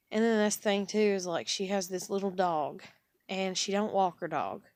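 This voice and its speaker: A woman's voice: mid-range voice, no echo, studio quality. A young woman venting in a rambling, frustrated way, swearing often. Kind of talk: casual venting monologue.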